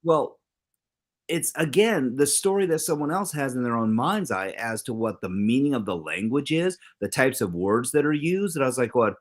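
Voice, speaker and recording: A middle-aged man co-hosting a casual talk show, telling stories and acting out the quoted lines. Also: normal speed. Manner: animated storyteller, acts out quoted exchanges with big pitch jumps. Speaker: co-host.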